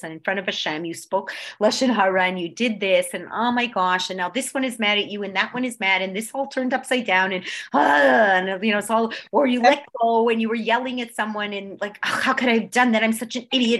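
A woman teaching a conversational religious class. Her voice swings between loud emphasis and soft, low tones, and she keeps checking in with her listeners.

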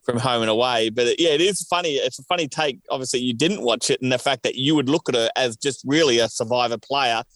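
A man's voice: medium pitch, fast, few pauses, a bit bright, no echo. A man, a bit older than his co-host, chatting casually on a podcast and rambling with lots of "you know". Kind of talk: casual chat.

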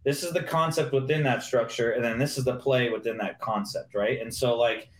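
A man's voice: medium pitch, steady tone, brisk. A man, a former pro football receiver, chatting casually as a guest and acting out old locker-room talks while he explains plays. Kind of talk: casual sports chat. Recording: roomy echo.

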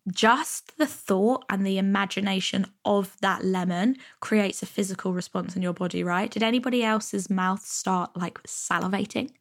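A woman's voice: mid-range voice, normal speed, hardly any pauses. Chatty woman podcaster. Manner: chatty, lots of fillers like "you know" and "like". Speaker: podcast host. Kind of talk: casual self-help podcast monologue.

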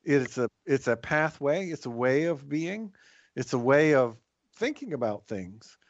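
A man co-hosting a reflective spiritual talk about recovery, speaking in a thoughtful, measured way with some restarts. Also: medium pitch, expressive, no room sound, highs cut off. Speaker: podcast co-host in recovery.

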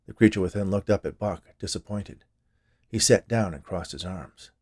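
Brief: male podcast storyteller, lower voice, expressive scripted narration. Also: moderate pace.

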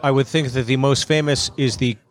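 A man chats as a guest at a comedy club roundtable. His voice sits in an average pitch. He is loose and conversational, swears freely and restarts his sentences. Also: fairly even intonation, brisk, faint music behind. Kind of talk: casual chat.

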